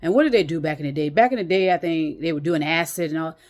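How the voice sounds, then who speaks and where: A woman with a slightly low voice talks casually to her viewers from a chair at home. She rambles through many restarts and fillers. She swears bluntly as she talks. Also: fast talker, darkish tone. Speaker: vlogger. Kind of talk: casual monologue to camera. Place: small room at home, in a chair.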